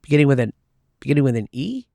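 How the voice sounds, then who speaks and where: A Canadian man on a podcast, telling profane, animated stories and running a mentalism demonstration. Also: medium pitch, very fast, vocal fry, dry recording, clean studio sound. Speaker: mentalist guest. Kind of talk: casual storytelling and mentalism demo.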